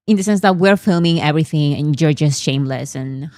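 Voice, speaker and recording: A woman's voice: low voice, a little fast, mellow, dry recording, studio quality. A woman hosting a casual commentary, translating fan clips in a chatty way with fillers and restarts. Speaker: host.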